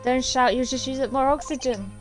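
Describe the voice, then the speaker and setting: A woman's voice: high voice, fairly quick. A woman streaming a game live, making wry, exasperated asides, with game music behind.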